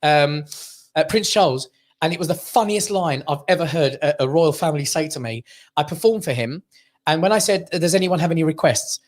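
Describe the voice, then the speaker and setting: A man from England telling a lively personal story on a panel show, acting out what others said. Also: on the high side, fairly quick. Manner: animated anecdote teller, acts out quotes. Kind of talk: casual chat, storytelling.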